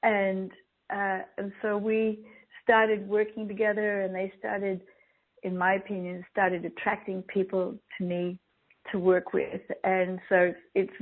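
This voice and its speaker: A woman's voice: medium pitch, little pitch movement, a little slow. Woman on a tinny phone line. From Australia. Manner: chatty, laughs often while telling stories. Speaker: guest. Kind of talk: casual storytelling interview.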